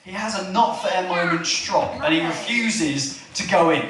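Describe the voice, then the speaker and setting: High-voiced preacher in an echoey hall. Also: male voice, a little slow, far from the mic, background noise. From England. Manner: chatty, asks the room questions, animated retelling. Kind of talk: family church sermon. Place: church hall.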